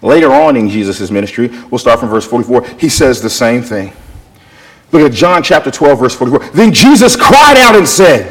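A man preaching a sermon, jumping between shouted scripture and quiet, folksy asides as he tells stories. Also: mid-range voice, fairly quick. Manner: animated, swinging from shouted scripture to near-whispered asides; folksy, conversational storytelling.

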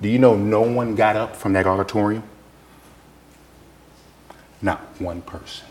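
A man preaching a sermon, jumping between shouted scripture and quiet, folksy asides as he tells stories. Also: on the low side, a little slow, a little hiss or hum. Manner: animated, swinging from shouted scripture to near-whispered asides; folksy, conversational storytelling.

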